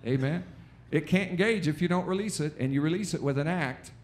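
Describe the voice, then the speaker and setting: An American man preaching a lively sermon in a church, with call-and-response and acted-out quotes. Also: fairly high pitch, fairly quick. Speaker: pastor. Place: church auditorium.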